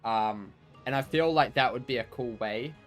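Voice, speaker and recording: A man's voice: medium pitch, normal speed, a bit bright, faint music behind. A man chatting casually on a game livestream, rambling and full of fillers. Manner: rambling, lots of "like" and "you know". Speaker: game streamer.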